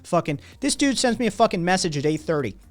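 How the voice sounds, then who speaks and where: A man's voice: sits high, big pitch swings, fast, faint music behind. A man hosting a livestream, telling a rambling, profane story to his chat with lots of "right?" asides. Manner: rambling, heavy swearing, frequent "right?" asides. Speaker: livestream host.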